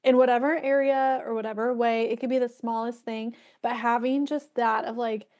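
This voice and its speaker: A woman host speaks in a somewhat high voice during a relaxed interview. She reflects on her guest's story in an encouraging, motivational way. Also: moderate pace, dull audio. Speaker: podcast host. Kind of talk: casual interview chat.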